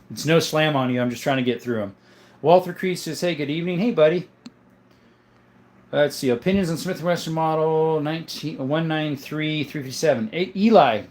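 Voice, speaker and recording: A man hosting a casual livestream, reading viewer comments aloud and answering them in a relaxed, chatty way. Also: on the high side. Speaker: livestream host showing his gun collection. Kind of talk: casual live-stream chat.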